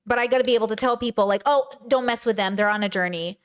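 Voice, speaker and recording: A young woman talks to her livestream chat in a blunt, animated, casual way, her voice sitting high. She rants freely and now and then drops into goofy voices and snatches of song. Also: fast talker, clean tone. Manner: animated, blunt, breaks into silly voices and sung bits. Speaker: podcast host and live streamer.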